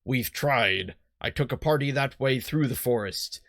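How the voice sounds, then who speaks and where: A man voicing a gruff, weathered male harbor captain in a rough pirate-style put-on voice, reading game dialogue aloud. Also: medium pitch, measured pace, fairly bright tone, dry recording, clean studio sound.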